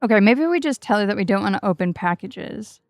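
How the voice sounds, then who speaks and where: A woman's voice: mid-range voice, lively intonation, fast talker, no room sound, clean studio sound, faint music behind. A woman streamer telling a story casually while gaming, chatty and self-mocking, swearing freely.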